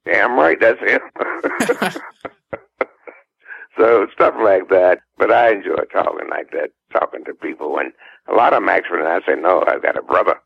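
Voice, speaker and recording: Gravelly deep older Southern man. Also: normal speed, no room sound. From American South. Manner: laughs often, repeats words, warm down-home talk. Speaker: guest singer. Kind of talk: relaxed interview chat. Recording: dull muffled radio recording.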